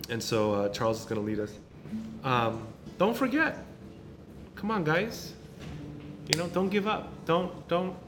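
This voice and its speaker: Conversational male pastor, slightly high voice. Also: animated, measured pace, pauses often, music in the background. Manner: conversational, repeats words, many tag questions. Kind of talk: informal sermon.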